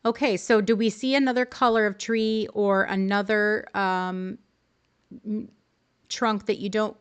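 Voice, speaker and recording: A woman's voice: medium pitch, steady tone, a little slow, clear, resonant tone. A woman hosting a live stream, coaching her viewers through decorating choices in a friendly, upbeat way and answering chat as she goes. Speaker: livestream host teaching game decorating.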